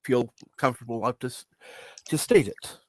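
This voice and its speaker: A man's voice: medium pitch, fairly quick, no echo. A man hosting a casual chat about pop culture, stumbling over words as he politely disagrees. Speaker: podcast host.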